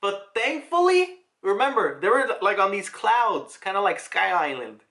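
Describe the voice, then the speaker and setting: A chatty man runs through a manga chapter, excitable and quick to laugh. His voice sits high and bright, with a sharp, forceful edge. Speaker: manga reviewer. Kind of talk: casual chapter review.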